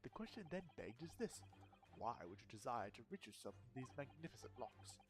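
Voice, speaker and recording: A man voicing a flamboyant, theatrical gentleman detective who makes grand, showy declarations. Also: mid-range voice, sing-song, brisk. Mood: triumphant. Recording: game music playing behind.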